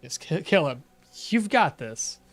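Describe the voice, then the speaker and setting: A young man streaming a survival game, chatting loosely and telling a profane story with sudden loud outbursts. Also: on the high side, sing-song, a little slow, no echo, soft background music. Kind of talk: casual gameplay commentary.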